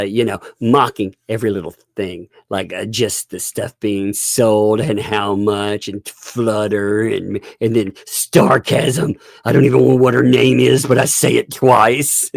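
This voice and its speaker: Gravelly man ranting with laughter. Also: lowish voice, no echo, studio quality. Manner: laughing, mocking, exasperated rants. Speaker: commentary streamer. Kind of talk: live-stream commentary.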